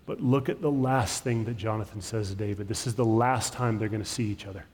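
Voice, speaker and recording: A man preaching a sermon as a pastor, his delivery swinging between loud emphatic stresses and hushed, drawn-out words. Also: fairly low pitch, steady tone. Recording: long hall reverb.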